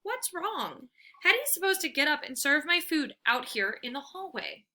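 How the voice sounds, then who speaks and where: A woman voicing an eager, hungry young male pet dog in a read-aloud storybook, whining and pleading in a high voice. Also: normal speed, exaggerated voice. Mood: puzzled. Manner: whiny, pleading, high and excited.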